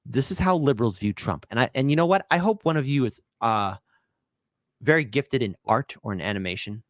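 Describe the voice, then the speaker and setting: Brief: sarcastic political livestream host, man, very animated pitch, dry close sound. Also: fairly quick, dry recording. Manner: sarcastic, ranting, mocking; swings from shouting to hushed mock-whisper.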